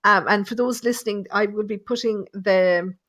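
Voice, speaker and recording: A woman's voice: mid-range voice, fairly even intonation, normal speed, a bit bright. A middle-aged woman hosting a live online show, chatty and laughing often. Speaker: host, medium.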